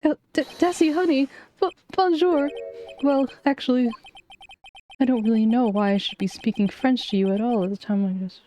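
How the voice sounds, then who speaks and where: A woman voicing a nervous young man who keeps insisting he is guilty, in a shrill, stammering, pleading way. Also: normal speed, dark tone, slight background noise, close to an everyday voice. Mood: flustered.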